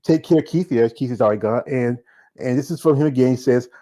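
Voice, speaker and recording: Southern American man, casual host, quick and rambling delivery, mid-pitched voice. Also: mellow. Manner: fast talking with many fillers and restarts. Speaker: show host. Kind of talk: casual solo show wrap-up.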